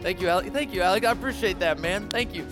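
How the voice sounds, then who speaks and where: A man preaching as a youth ministry pastor, eager and lively, rallying a young crowd in a church. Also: sits high, fast, in a large hall, music in the background. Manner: enthusiastic, calls to the crowd, repeat-after-me. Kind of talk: energetic youth sermon.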